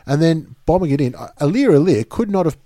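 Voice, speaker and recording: A man's voice: a little high, lively intonation, fast, mellow, no echo, studio quality. Australian man analysing footy matches. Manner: laughs often, analytical match talk. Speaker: podcast co-host. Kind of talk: casual sports chat.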